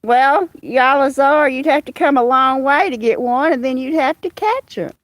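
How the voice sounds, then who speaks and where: A woman hosting a casual livestream outdoors, greeting viewers by name in a slow, chatty way. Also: sits high, no room sound. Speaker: livestream host. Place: outdoors with cats.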